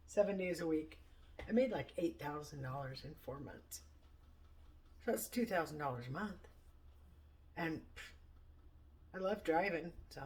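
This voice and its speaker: A woman casually telling a rideshare story to camera in a blunt, chatty, sometimes profane way, laughing between points. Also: fairly low pitch. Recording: voice a little far from the mic.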